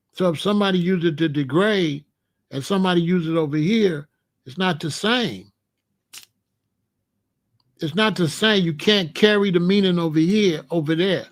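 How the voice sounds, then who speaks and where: A man's voice: high-pitched, moderate pace, pauses often. A man hosting a livestream, lecturing viewers in chat in a preachy, repetitive way. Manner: preachy, lecturing, repeats phrases. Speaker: host.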